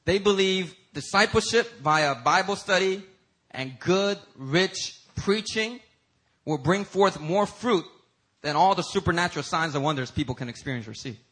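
A man preaching a sermon as pastor, emphatic, rising to high, loud peaks and talking casually to the congregation. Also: animated, moderate pace, breathy edge, rough recording. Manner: uses y'all and casual asides to the congregation.

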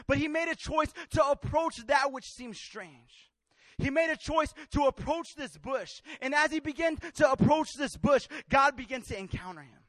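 A high-pitched young man preaches a sermon in a close, dry sound. He acts out the people in his story, dropping to near whispers and then rising to shouts. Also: moderate pace, no room sound. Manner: swings from hushed to loud, acts out voices.

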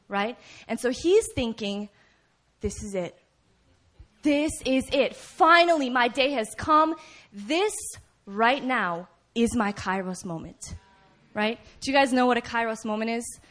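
A woman delivers a sermon in a lively, conversational voice that sits a little high. She tells the story with plenty of "right?" asides and acts out the characters' cries. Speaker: preacher.

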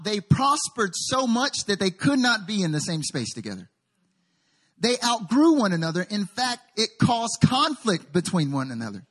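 A man pastor preaching a sermon, animated, with call-and-response to the congregation and story-telling asides. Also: sits high.

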